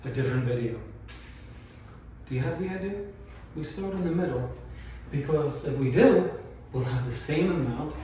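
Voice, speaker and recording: A man's voice: a little high, normal speed, pauses often, mellow, slight background noise. A man teaching beginners how to hang wallpaper, patiently explaining each step and repeating key points as he demonstrates on a wall. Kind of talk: hands-on instructional demonstration. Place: indoor room being wallpapered. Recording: very echoey room, voice from far off, faint ambience.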